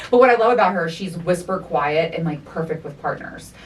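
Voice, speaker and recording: A middle-aged woman hosting a podcast, telling a story in animated, profane casual chat and acting out the quotes. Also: on the low side, moderate pace, recorded from a distance, slight background noise. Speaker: podcast host.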